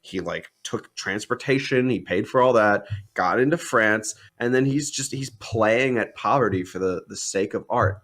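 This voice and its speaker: Male co-host, low-ish voice, animated and sarcastic, casual film debate with plenty of fillers. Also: normal speed, hardly any pauses. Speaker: podcast co-host.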